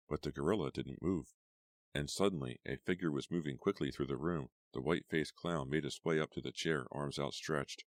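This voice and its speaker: A man narrating a horror audiobook in a measured, suspenseful reading. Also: very deep voice, no echo, clean studio sound. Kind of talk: scripted narration.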